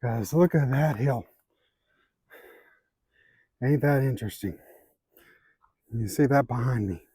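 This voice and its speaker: Slow and mellow with a breathy edge, this mid-range male voice belongs to a hiking vlogger with an Ozark Southern American accent. He's out of breath from climbing a wooded trail, chatting easily to viewers as he walks in a casual vlog. Filmed on a handheld camera, the sound is dry and close, without echo.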